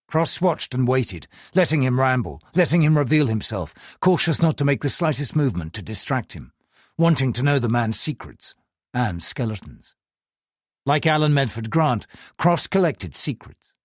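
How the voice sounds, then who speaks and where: A man narrating an audiobook in an expressive storytelling style. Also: mid-range voice, normal speed, no room sound, clean studio sound.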